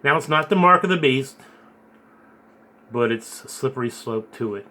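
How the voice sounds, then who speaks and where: A man earnestly recounting a dream and preaching in a rambling, halting way, repeating his words. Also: mid-range voice, expressive, pushed and bright. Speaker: video blogger recounting a dream. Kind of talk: earnest spoken storytelling and preaching.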